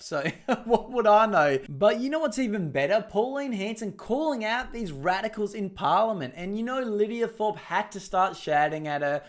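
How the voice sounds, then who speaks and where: An Australian man hosting a commentary video, talking casually and mockingly over clips. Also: sits high. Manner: mocking, sarcastic, laughs at clips. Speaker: political commentary host.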